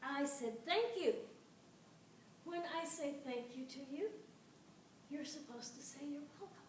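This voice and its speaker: A woman's voice: sits high, moderate pace, distant mic, slight background noise, close to an everyday voice. A woman voicing a hungry, short-tempered female forest fairy in a told folktale, wheedling sweetly and then snapping with threats. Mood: indignant. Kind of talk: live storytelling performance. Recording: echoey room, voice from afar.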